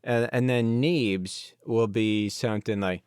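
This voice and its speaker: A man's voice: fairly low pitch, steady tone, slow pace, a little mellow, clear, resonant tone, no echo, clean studio sound. A man hosting a solo podcast in a casual, rambling way, wandering into asides. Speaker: podcast host.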